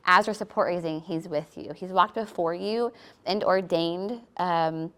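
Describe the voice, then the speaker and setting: A woman's voice: fairly low pitch, a little slow, smooth. A woman sharing a Bible verse in casual testimony, chatty and laughing now and then. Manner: warm, chatty, laughs between thoughts.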